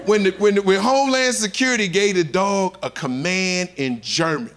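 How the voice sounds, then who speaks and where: A man doing a profane, animated stand-up comedy set in front of a live audience, acting out the people in his stories. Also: sits high, moderate pace. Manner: animated storytelling, profane, acts out characters. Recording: live club set with loud crowd laughter.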